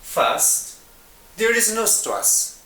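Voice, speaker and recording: A man teaching an English lesson in a slow, deliberate way, repeating example words. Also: sits high, very animated, sharp tone, reverberant.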